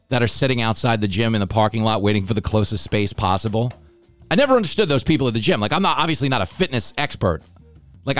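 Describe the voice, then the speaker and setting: A man from Long Island, hosting a casual comedy show, joking and sarcastic about himself and the news. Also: mid-range voice. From Long Island, New York. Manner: joking, sarcastic, self-deprecating. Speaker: podcast host.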